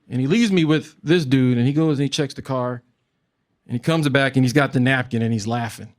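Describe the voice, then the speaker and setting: A man telling a funny personal story on stage in a conversational, animated way, repeating phrases for comic effect. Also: medium pitch, fairly quick, slight background noise. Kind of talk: live comedic storytelling.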